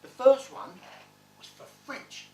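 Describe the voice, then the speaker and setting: A man performing a stage monologue, playing a streetwise man telling his rough childhood with blunt, swearing wit. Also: slow pace, warm tone, slight background noise, lightly acted. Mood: wry. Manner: wry, blunt, swearing storyteller. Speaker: stage actor in a one-man play. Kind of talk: theatrical monologue storytelling. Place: theatre stage. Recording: roomy theatre, distant mic.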